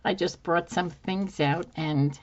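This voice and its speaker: Slow, soft-spoken woman crafting. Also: fairly low pitch, fairly even intonation, lo-fi sound. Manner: soft-spoken, musing aloud while working. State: slightly hoarse, losing her voice. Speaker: craft channel host. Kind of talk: casual craft tutorial chat.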